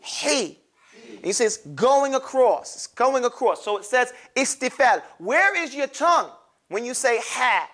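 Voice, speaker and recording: A man's voice: very high voice, big pitch swings, normal speed, pushed and bright. A man teaching a classroom lesson on pronouncing letters for Quran recitation, animatedly drilling his class to repeat sounds aloud.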